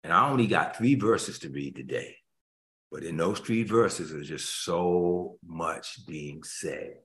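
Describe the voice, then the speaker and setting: An older man, a pastor, preaching an emotional sermon that swings between hushed tones and loud emphasis. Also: low voice, expressive, takes it slowly. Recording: echoey room.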